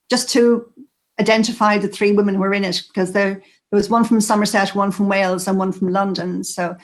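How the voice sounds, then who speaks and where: A woman author musing in a relaxed way on a panel over a video call. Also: mid-range voice. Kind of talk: casual panel discussion.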